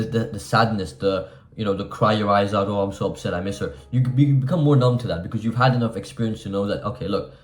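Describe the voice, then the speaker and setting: Blunt profane young man, echoey room. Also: lowish voice. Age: 20s. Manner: blunt, profane, emphatic motivational talk. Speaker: self-improvement vlogger. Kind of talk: casual advice monologue.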